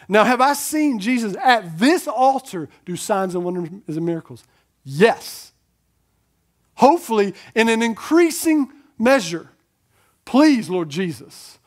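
Man, pastor, sermon, emphatic, rhetorical questions, repeats key lines, casual asides. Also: sits high. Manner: conversational asides to the congregation.

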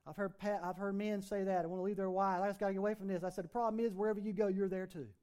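A man's voice: high-pitched, level tone, very fast, a little mellow, clear, resonant tone. A man preaching a sermon as pastor in a church, reciting scripture and urging his congregation with rising emphasis.

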